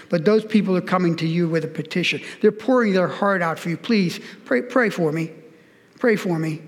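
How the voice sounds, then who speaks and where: Earnest older preacher, high voice. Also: male voice, in a large hall. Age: 60s. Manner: earnest, personal storytelling, direct appeals to listeners. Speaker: pastor. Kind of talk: sermon.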